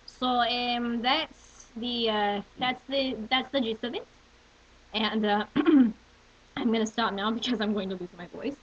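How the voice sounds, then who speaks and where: Woman rambling at her webcam, kinda high voice, lots of restarts, dull lo-fi sound. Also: takes it slowly. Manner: rambling, full of fillers and restarts, clears throat often. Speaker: video blogger. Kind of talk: casual webcam monologue. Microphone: webcam microphone. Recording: muffled webcam audio with faint hiss.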